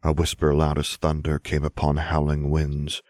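A man reading story narration in a steady, measured voice. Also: a bass voice, no echo, clean studio sound. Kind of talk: scripted narration of fan fiction.

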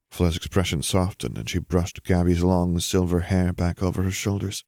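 A man narrating an audiobook in a steady, measured way. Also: deep voice, no echo, clean studio sound.

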